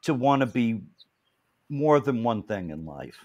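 A man's voice: mid-range voice, very animated, moderate pace, a little mellow, lo-fi sound. A man hosting a casual talk show, rambling and joking, often restarting his sentences. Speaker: host. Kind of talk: casual chat.

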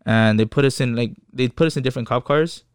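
Young dude rattling off a wild story fast, cussing a lot, smooth clear voice, dry mic. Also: male voice, mid-range voice, no echo. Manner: profane, quotes people in voices, rambling restarts. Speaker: guest telling his story. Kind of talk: casual storytelling.

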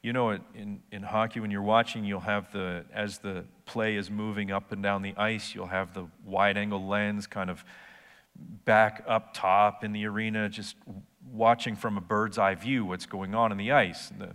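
A man's voice: fairly low pitch, flat delivery, moderate pace, fairly bright tone, clear, resonant tone, long reverb tail. A male pastor preaching a sermon, conversational at first and then rising to emphatic points.

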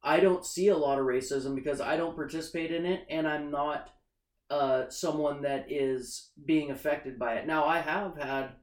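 A man from the United States in casual political chat, telling stories in an animated, emphatic way. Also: on the high side, moderate pace. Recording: echoey room, faint background noise.

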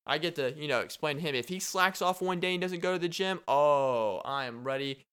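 A young man hosting a casual solo podcast, talking in an animated, joking and rambling way. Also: fairly high pitch, brisk, clear, resonant tone. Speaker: podcast host.

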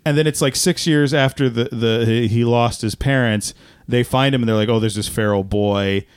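Man, podcast co-host, smooth voice, dry close sound, rambling casual movie chat. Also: medium pitch, normal speed, no room sound. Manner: rambling, tangential, animated.

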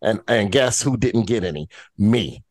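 Male podcast co-host, casual and profane, very lively pitch, dry close sound. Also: unhurried, no echo. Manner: animated storytelling, profane, swings into high mimicking voices. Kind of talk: casual chat.

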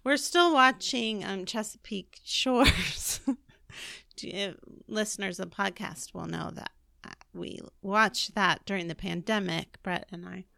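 Woman, podcast co-host, chatty and laughing, bright tone, dry close sound. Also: mid-range voice, unhurried, creaky, dry recording. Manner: chatty, laughing, self-correcting storyteller. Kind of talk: casual chat.

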